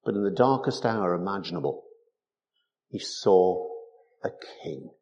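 A man's voice: low-pitched, lively intonation, a little slow, a little mellow, muffled recording. A man preaching a sermon, emphatic and full of rhetorical tag questions.

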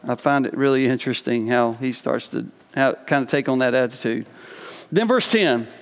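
A pastor with a medium-pitched voice preaches at a normal speed, reading scripture aloud and slipping into earnest, conversational asides. A long hall reverb fills the recording.

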